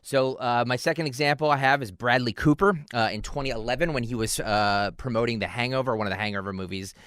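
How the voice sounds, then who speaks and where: A man hosting a casual radio chat, relaxed and chatty as he sets up clips. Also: medium pitch, fast, clean tone, no room sound, clean studio sound. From Philadelphia area. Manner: relaxed, chatty, with filler words. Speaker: radio host.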